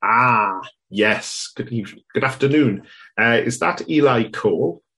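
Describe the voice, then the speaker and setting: A man's voice: medium pitch, expressive, slow, pushed and bright, exaggerated voice. A man playing a fussy Cambridge professor on a phone call, rambling and hesitant with a pompous edge.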